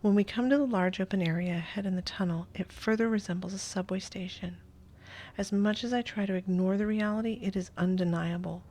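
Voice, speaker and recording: A woman hosts a playthrough, reading a first-person interactive story aloud and tossing in casual asides. Her voice is medium-pitched and brisk, soft and frequently close to a whisper.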